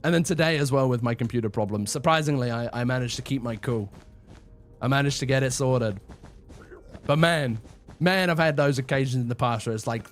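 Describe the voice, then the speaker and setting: A man's voice: medium pitch, fairly quick, faint music behind. A young man chatting casually on a livestream in a rambling, chatty, self-deprecating way.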